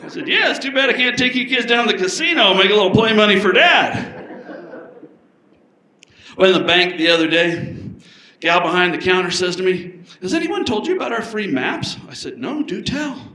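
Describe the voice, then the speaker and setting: Bright-voiced comedian with punchy delivery. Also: male voice, sits high, animated, echoey room, rough recording. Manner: storytelling with punchy delivery and quick voice changes for characters. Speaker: stand-up comedian. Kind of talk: stand-up comedy routine.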